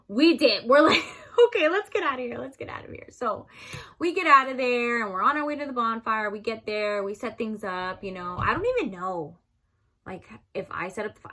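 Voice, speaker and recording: A young woman telling a story casually to her viewers, chatty, calling them "you guys" and loudly acting out what people said. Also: mid-range voice. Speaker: storyteller vlogger.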